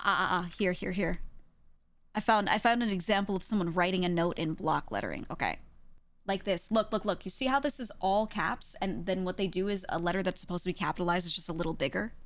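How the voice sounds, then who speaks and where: A woman streamer chatting casually with viewers in a measured, even way, using casual slang and laughing often. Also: lowish voice, dry recording.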